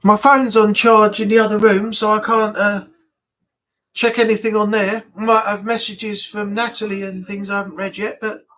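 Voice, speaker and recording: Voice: mid-range voice, level tone, normal speed, fairly bright tone. A live-stream host, chatty and rambling, reading and answering the chat aloud.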